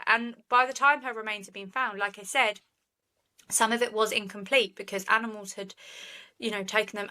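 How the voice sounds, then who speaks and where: A true crime podcast co-host retells a case in earnest, opinionated conversation. Her medium-pitched voice sounds pushed and bright, and the recording quality is low.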